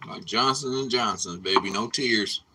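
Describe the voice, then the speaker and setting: A man's voice: on the low side, moderate pace, background noise. A man hosting a casual live cooking stream from his home kitchen, chatting loosely with viewers and swearing freely. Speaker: livestream cooking host.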